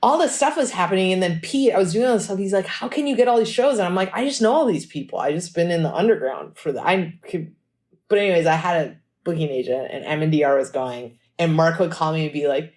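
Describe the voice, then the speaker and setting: A woman musician telling stories in a casual podcast interview, lively and chatty, acting out what people said. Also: on the low side. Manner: animated storytelling, acts out quotes; fast and chatty, frequent "like". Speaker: musician guest.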